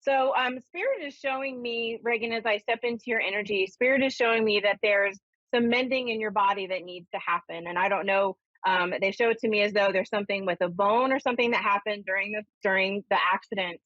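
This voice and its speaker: A woman's voice: medium pitch, fairly quick, few pauses, dry recording. Chatty woman radio medium. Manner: animated, acts out voices when retelling. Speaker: medium and show host. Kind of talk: casual on-air storytelling and readings. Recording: slightly dull lo-fi radio sound.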